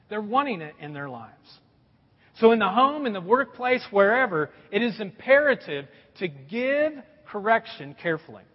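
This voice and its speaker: A man's voice: breathy edge, in a large hall, dull audio. A middle-aged man preaching a sermon as a pastor, telling stories with a lot of swings in his voice. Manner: animated storytelling with a lot of pitch swings.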